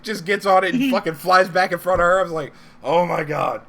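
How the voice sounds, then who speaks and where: A young man co-hosting a casual live-stream chat show, telling stories in a lively, profane way. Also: sits high, quick pace. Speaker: co-host.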